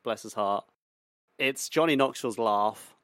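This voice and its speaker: Smooth-voiced man in casual chat. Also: on the low side, unhurried, dry recording, clean studio sound. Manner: relaxed reactions and enthusiastic opinions, swears freely. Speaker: podcast co-host.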